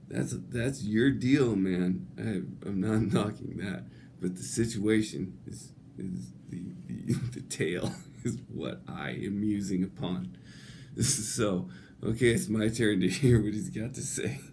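A man with a gravelly, dark voice tells a rambling comic story at an unhurried pace. He keeps stumbling over his own words and laughing through them. His speech is loose and full of casual swearing. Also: lowish voice, a little hiss or hum. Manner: halting, many restarts.

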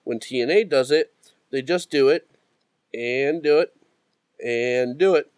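A man's voice: medium pitch, unhurried, a little mellow, dry recording. A man co-hosting a casual podcast, making an argument point by point. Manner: argumentative, lists his points. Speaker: podcast co-host.

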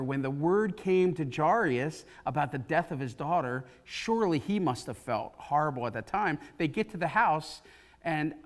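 This sermon comes from a pastor speaking through a pulpit mic in church, his voice somewhat higher than the typical man's. Animated and heartfelt, he narrates a scripture story and performs the voices of the people in it.

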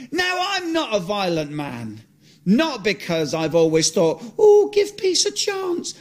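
A man's voice: very high-pitched, pitched above the performer's own voice, full character voice. A man voicing a lazy, hot-tempered young British man who swears and rants as he tells a story. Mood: cocky. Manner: ranting, swearing, animated storytelling.

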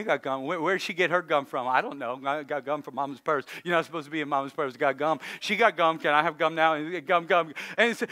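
Give me a male pastor in his thirties, a high, bright and clear-toned man, preaching a lively, joking sermon that pulls the room into call-and-response and breaks into acted-out shouts at his kids.

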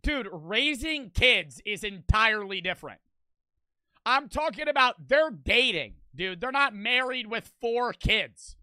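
A young man riffing on a live stream, blunt and profane as he reacts and reads out donations. His voice is high, very bright and crisp. The sound is dry and close. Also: animated, unhurried, dry recording. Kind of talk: casual stream commentary.

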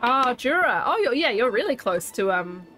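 A woman's voice: on the high side, big pitch swings, normal speed, a bit bright, faint music behind. A woman streaming a video game, chatting casually and animatedly with a questioning lilt.

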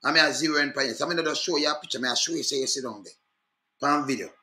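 Jamaican guy filming on his phone, hard bright voice, keeps going "you see me", roomy echo. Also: medium pitch, racing. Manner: insistent, repetitive, calls out to viewer. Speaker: vlogger. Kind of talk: casual on-the-spot commentary.

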